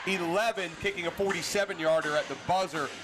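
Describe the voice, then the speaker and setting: A man doing casual color commentary on a high school football broadcast, chatty and joking with his co-hosts. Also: steady tone, fast, noisy background. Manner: joking, chatty, asks questions. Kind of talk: casual sports banter.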